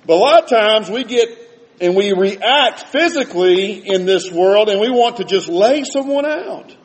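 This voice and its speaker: A man preaching a sermon in a church, folksy and animated, dropping to soft low tones for emphasis. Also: normal speed.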